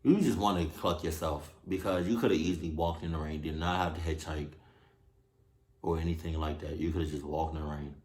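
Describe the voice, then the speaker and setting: A man in his twenties hosting a reaction video, talking casually, swearing often, with loud exclamations. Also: extremely low pitch, steady tone, fairly quick, echoey room. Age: 20s.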